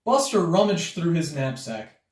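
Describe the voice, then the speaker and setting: Male storybook reader, lively and expressive, roomy distant recording. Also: fairly high pitch, unhurried. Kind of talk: read-aloud children's story.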